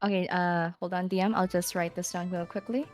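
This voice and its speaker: A woman's voice: lowish voice, steady tone, fairly quick, a little mellow, soft background music. A woman playing a tabletop game, describing her character's actions in a hesitant way. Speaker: player.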